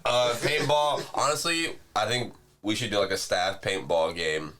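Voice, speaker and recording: A man's voice: on the low side, unhurried, sharp tone. A man hosting a casual podcast from a home studio, joking and teasing his friends in slangy talk. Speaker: podcast host. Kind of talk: casual chat.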